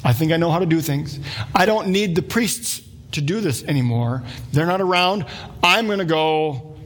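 A man's voice: a little high, animated, normal speed, fairly bright tone. A man voicing a proud, arrogant king as he retells a story in a sermon. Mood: smug. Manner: boastful, indignant.

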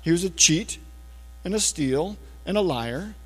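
A man's voice: animated, a little slow, slightly rough, soft background music. Casual preacher man in a reverberant hall. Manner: casual, talks to listeners with frequent checks like "okay?" and "all right?"; often drops to a low, hushed voice for emphasis. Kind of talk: conversational sermon. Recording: long reverb of a large hall.

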